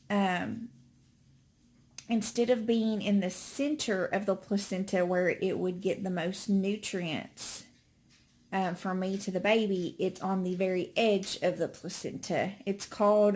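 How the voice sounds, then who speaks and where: A woman's voice: mid-range voice, darkish tone. A pregnant woman giving a casual, chatty update to her channel, a little out of breath, with many ums and restarts. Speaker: vlogger.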